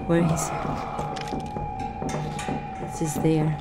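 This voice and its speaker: A woman giving let's-play commentary on a horror game, jumpy and excitable, often gasping and exclaiming. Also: medium pitch, slow pace, long pauses. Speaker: gaming streamer. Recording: game audio and music mixed in.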